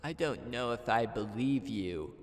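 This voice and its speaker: A man voicing himself as a naive three-year-old boy, talking in a slow, mock-innocent way. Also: medium pitch, expressive, natural voice. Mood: doubtful. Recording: echoey, music behind.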